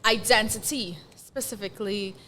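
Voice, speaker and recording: A woman's voice: medium pitch, pushed and bright, slight background noise. A woman co-hosting a casual podcast chat, teasing and laughing. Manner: laughing, teasing and quick to protest. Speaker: podcast co-host.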